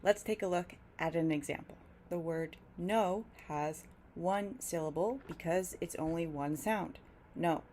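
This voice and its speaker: A woman teaching English pronunciation, explaining clearly and slowly drawing out example words to demonstrate. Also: on the low side, darkish tone, a little hiss or hum. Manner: careful, drawn-out demonstration of words.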